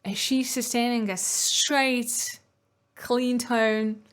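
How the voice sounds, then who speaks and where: Vocal coach woman, slightly high voice. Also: fairly even intonation, drawn-out words. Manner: analytical, breaks into short sung demonstrations. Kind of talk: reaction commentary on vocal technique.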